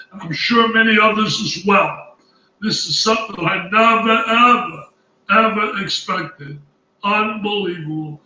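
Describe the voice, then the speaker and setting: A man's voice: high-pitched, sharp tone, reverberant, recorded from a distance, highs cut off. A man reacting as a college basketball analyst, exclaiming emphatically and repeating his phrases in disbelief. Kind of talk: excited studio reaction commentary.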